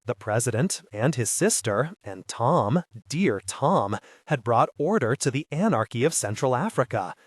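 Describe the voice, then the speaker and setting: A man reading an audiobook as its narrator, in a steady, measured storytelling voice. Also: mid-range voice, breathy edge, no room sound, clean studio sound. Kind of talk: scripted narration.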